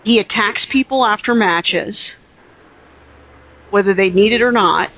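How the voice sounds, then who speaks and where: Exasperated high-voiced man. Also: measured pace, bright, forceful tone, low-quality recording. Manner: opinionated, exasperated. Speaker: podcast co-host. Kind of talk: casual wrestling chat.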